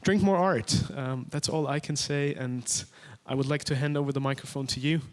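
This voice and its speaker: A man's voice: mid-range voice, steady tone, normal speed. A man introducing a speaker on a conference stage, formal but hesitant with fillers. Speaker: event host.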